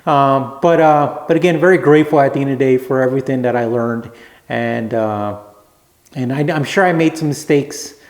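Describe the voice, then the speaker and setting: A man telling a rambling, relaxed anecdote to camera as a vlogger. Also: mid-range voice, moderate pace, echoey room. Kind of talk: casual storytelling to camera.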